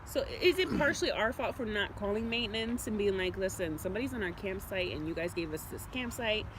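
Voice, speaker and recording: A young woman vlogging with her husband, chatty and quick to laugh as she adds to the story. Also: mid-range voice, animated, noisy background. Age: young adult. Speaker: vlogger, wife. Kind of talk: casual storytelling chat.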